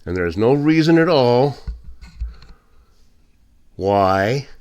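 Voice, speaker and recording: A man's voice: medium pitch, animated, slow, darkish tone, clean tone. A man delivering a blunt, indignant opinion monologue as a podcast host, with sarcastic asides. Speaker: political commentator.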